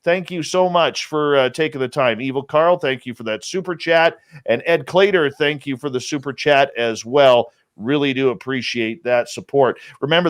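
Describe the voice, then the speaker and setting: A male show host greeting viewers by name in an upbeat, playful way and jumping up in pitch on names. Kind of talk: livestream show opener, greeting chat viewers.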